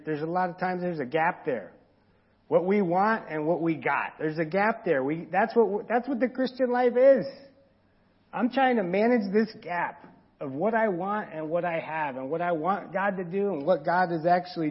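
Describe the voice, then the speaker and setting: A man with a husky, somewhat high voice delivers a casual, conversational sermon. The recording sounds dull and lo-fi, and he sometimes slips into quoted voices that rise in pitch and volume. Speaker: pastor.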